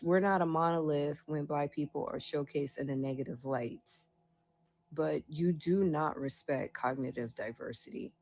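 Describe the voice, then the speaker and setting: A woman's voice: extremely low pitch, darkish tone. A woman political commentator giving an opinion piece with a pointed, lecturing delivery.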